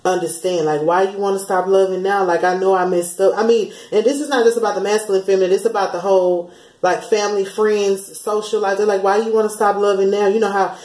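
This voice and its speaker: A woman's voice: mid-range voice, steady tone, fast talker, darkish tone. Chatty woman giving spiritual messages, echoey room. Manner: chatty, laughs often, slips into sung lines and quoted voices. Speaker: spiritual channeler. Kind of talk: casual spiritual message vlog.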